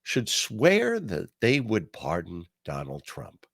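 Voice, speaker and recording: A man's voice: on the low side, wildly swooping pitch, takes it slowly, creaky, a bit bright, dry recording, clean studio sound. An older man hosting a political commentary podcast, talking in a wry, sarcastic way with many fillers. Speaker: podcast host.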